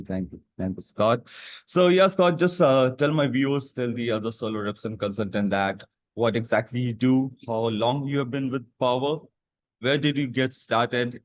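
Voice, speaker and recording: A man hosting a podcast interview, eager and repeating his words as he welcomes his guest. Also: medium pitch. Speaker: podcast host. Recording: dry, muffled mic.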